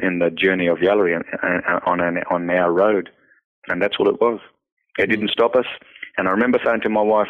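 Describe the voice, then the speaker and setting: Aussie guy on a tinny phone line, deep flat voice, earnest, lots of "you know". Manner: earnest, repeats words, many "you know" fillers. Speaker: nonprofit founder, interview guest. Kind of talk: personal storytelling in conversation.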